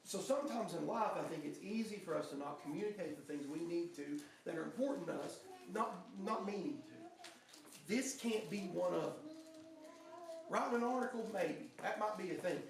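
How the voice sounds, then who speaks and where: Young guy preaching, kinda high voice, chatty storytelling, lots of restarts, big echoey church, mic far off. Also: normal speed, creaky, a crowd in the background. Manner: earnest storytelling, conversational, with frequent restarts. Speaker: pastor. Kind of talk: sermon with personal story. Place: church sanctuary.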